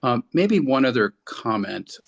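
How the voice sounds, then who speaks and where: A man's voice: medium pitch, very animated, measured pace, creaky. A man co-hosting a business podcast, talking earnestly and restarting his sentences often. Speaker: podcast co-host. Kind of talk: casual discussion.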